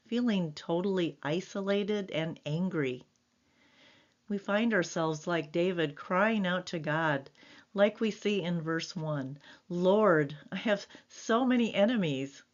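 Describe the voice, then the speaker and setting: A woman pastor giving a devotional sermon in a gentle, earnest, reflective way. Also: fairly low pitch. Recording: slightly dull lo-fi recording.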